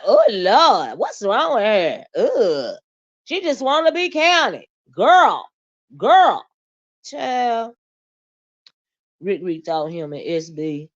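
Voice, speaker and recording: A woman's voice: high-pitched, dull audio. A woman hosting a livestream, giving casual commentary in a sassy, blunt way, drawling with asides to her chat and speaking.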